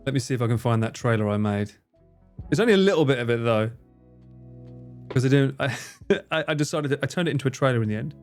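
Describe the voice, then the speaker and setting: Chatty, amused male streamer, lively voice. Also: mid-range voice, fast talker, faint music behind. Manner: chatty, amused, thinking aloud. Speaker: livestream host. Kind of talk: casual reaction commentary.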